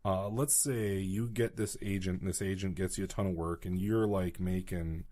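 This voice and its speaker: A man's voice: sits low, steady tone, moderate pace, warm tone, dry recording. A man hosting a podcast in casual chat, chiming in and asking questions with lots of hesitation. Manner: interjecting, asking questions, thinking aloud with hesitations. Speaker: podcast host.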